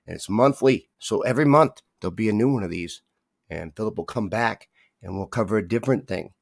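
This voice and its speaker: A man hosts a live online show and talks straight to his viewers. His voice is low and gravelly and the sound is dry and close. He gets heated and swears as he answers their comments. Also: a little fast, no echo. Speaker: host. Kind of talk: casual livestream talk, reading chat.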